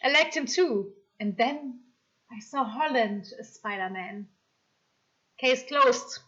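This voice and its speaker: A German-accented woman streamer talks at an unhurried pace with a high, bright voice. She reads comments aloud, apologizes a lot and gets excitable. The mic sounds a little dull. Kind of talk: casual live-stream chat.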